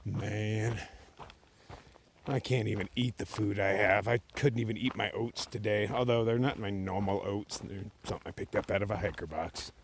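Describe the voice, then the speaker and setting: A man's voice: lowish voice, fairly even intonation, moderate pace, vocal fry, a little hiss or hum. A man vlogging to himself outdoors on a mountain trail, laid-back and joking, swearing freely as he talks. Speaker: thru-hiker vlogger. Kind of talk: casual vlog monologue.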